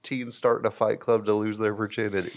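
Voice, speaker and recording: A man's voice: fairly low pitch, flat delivery, a little fast, noisy background. A man co-hosting a casual podcast, hyping things up with swearing and slang. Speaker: podcast co-host.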